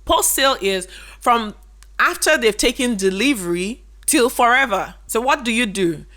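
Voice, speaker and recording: A woman's voice: on the high side, animated, moderate pace, bright, forceful tone. A woman, giving a casual business lesson and explaining through rhetorical questions. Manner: repeats key points for emphasis. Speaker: business educator. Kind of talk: casual instructional talk to camera.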